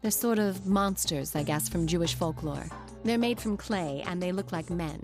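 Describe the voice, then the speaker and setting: A woman's voice: lowish voice, moderate pace, faint music behind, natural voice. A woman voicing a haughty, knowledgeable young woman in a video game, poised and explanatory. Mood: explaining.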